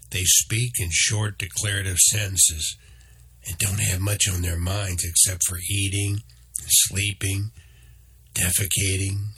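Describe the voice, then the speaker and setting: A man voicing a small, knowing male meerkat guide who talks in a calm, matter-of-fact way. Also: low-pitched, breathy edge, full character voice. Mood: whispered.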